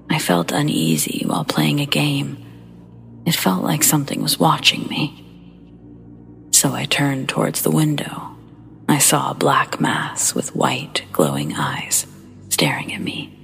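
A woman whispers a true scary story in a low, breathy voice roughened with gravelly fry. She tells it slowly and evenly, hushing every line. Soft music plays faintly behind her. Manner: hushed, slow and measured storytelling. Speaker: horror story narrator and host. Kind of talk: whispered horror narration.

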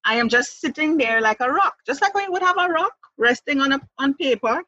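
A woman's voice: high-pitched, animated, fairly quick, sharp tone, no echo, muffled recording. A woman speaking candidly as an interview guest about her own life, earnest, restarting and repeating words, with light laughs. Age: adult mother. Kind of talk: candid personal testimony.

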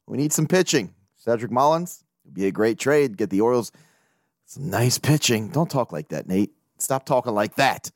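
Animated, swearing male sports podcaster. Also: medium pitch, no echo, clean studio sound. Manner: animated, profane, laughs often. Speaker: podcast host. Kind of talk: casual sports talk monologue.

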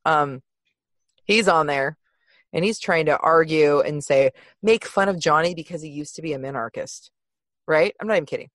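A woman hosting a podcast in casual chat, gossipy and animated in telling stories. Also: sits low, normal speed, dry recording. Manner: chatty, gossipy storyteller, laughs often. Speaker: podcast host.

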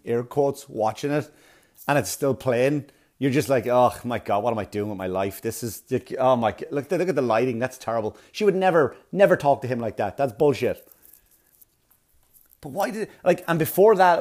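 Guy doing stand-up, rambly, lots of likes and you know what i means, average pitch. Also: a little mellow. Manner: rambling, filler-heavy delivery with sudden breathy put-on voices. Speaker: stand-up comedian. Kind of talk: stand-up comedy routine.

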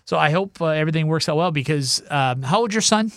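A man's voice: a little high, expressive, fast talker, a crowd in the background. A middle-aged man hosting a casual radio podcast, chatty and upbeat, often repeating himself. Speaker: radio host.

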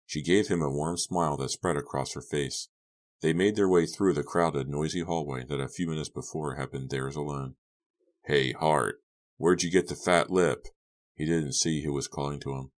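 A man narrates a young adult horror audiobook in a steady, even manner. His voice sits extremely low. He reads evenly and keeps the story moving. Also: brisk.

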